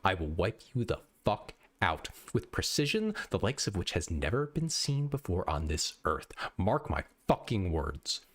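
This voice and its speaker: A man with a deep voice playing a boastful, furious sniper in a profane, menacing rant. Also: big pitch swings, unhurried, few pauses, fairly bright tone, full character voice. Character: boastful furious male sniper, threatening tough guy. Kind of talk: meme reading on stream.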